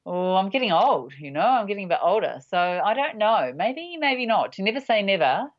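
A woman in her sixties, a mountain guide, giving measured, halting interview answers with many pauses. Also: medium pitch, big pitch swings. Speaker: high-altitude mountain guide. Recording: dull lo-fi audio.

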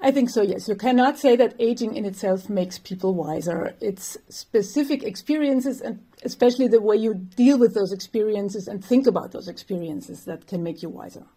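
A woman's voice: mid-range voice, normal speed, few pauses, warm tone, breathy edge. A woman professor, answering interview questions thoughtfully, with light laughs and some fillers. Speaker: developmental psychology professor, guest.

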